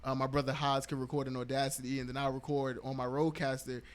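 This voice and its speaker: A man's voice: mid-range voice, little pitch movement, fast. A man, a podcaster and YouTuber, talking casually as a guest, laid-back and full of slang, laughing easily. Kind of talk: casual conversation.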